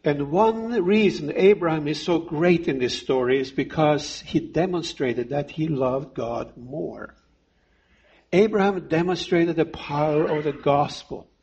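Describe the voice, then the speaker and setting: A man in his fifties preaching a sermon, delivering it slowly and emphatically with deliberate pauses. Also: a little high, vocal fry, a little mellow, breathy edge, dull audio.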